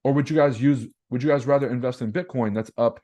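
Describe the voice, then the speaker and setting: A young man runs a casual livestream about markets, blunt and slangy, throwing rhetorical questions at his viewers. His voice sits at a middle pitch with a dark, mellow tone. He swears freely and keeps an easygoing, off-the-cuff delivery. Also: fast. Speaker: trading webinar host.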